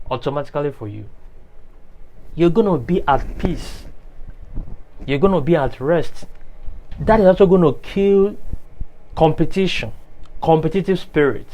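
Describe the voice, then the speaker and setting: A man with a slightly high-set voice gives a motivational monologue. He is emphatic and preachy, and he drives each point home by repeating it to the listener. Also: dark tone, low-quality recording. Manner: emphatic, repeats key phrases; preachy, talks straight to the listener. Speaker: motivational speaker.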